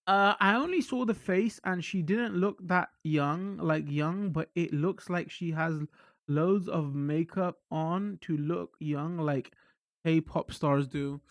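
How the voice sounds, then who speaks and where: A British man chatting casually on a live stream, rambling and excitable, swearing freely as he talks to his chat. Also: a little high, takes it slowly, no room sound, clean studio sound.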